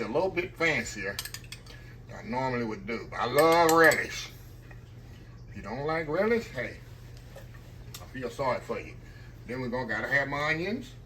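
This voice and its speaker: Lively chatty man cooking. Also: mid-range voice, a little hiss or hum. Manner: folksy, chatty, talks straight to viewers as y'all. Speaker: cooking vlogger. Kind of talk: casual cooking vlog. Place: home kitchen.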